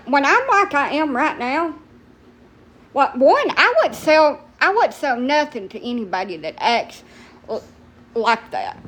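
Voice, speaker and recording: High-voiced profane woman ranting. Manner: profane, heated, sassy, talks back to viewers. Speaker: livestreamer. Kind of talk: ranting live stream.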